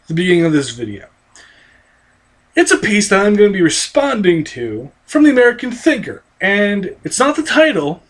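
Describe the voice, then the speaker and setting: A fired-up vlogger ranting to camera with a lively, swooping delivery. The speaker drops to low, sour mutters and then cracks upward into shouts. The voice sounds strained and close to giving out, and almost every sentence carries a curse. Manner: heated, profane, swinging from low mutters to high outbursts. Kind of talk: angry political rant to camera.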